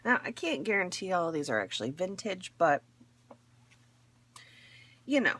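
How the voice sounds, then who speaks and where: A woman's voice: fairly low pitch, big pitch swings, moderate pace, a bit bright. A woman chatting casually as a crafting vlogger, showing a fabric haul in her morning voice, rambling with small laughs and fillers.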